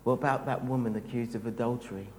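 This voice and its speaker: A man preaching a sermon in a gentle, reflective, unhurried way. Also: mid-range voice, fairly even intonation, long reverb tail, a little hiss or hum, poor audio.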